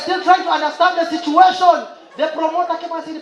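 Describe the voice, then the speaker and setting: A man doing a lively stand-up set, telling a story and bursting into exclamations. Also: very high-pitched, a little fast. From Uganda. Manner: animated storyteller, exclaims and imitates laughter. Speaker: stand-up comedian. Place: live comedy show stage. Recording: roomy live venue with audience.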